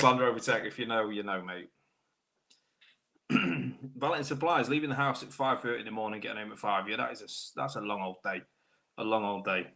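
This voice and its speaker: Bright-voiced British mechanic chatting to viewers. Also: male voice, mid-range voice. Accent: British English. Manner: chatty, matey banter, greets viewers by name. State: throat trouble, clearing throat. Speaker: host of live Q&A stream. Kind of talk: casual live-stream chat reading comments.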